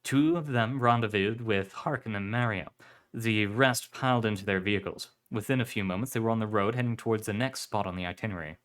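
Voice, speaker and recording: A man reading a story aloud on a live stream, in steady narration with some self-corrections. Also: fairly low pitch, a little fast.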